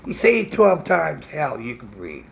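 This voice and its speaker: A man venting an indignant opinion rant in a vlog, halting with fillers and restarts. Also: on the high side, huge pitch swings, vocal fry, a little hiss or hum. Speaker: vlogger.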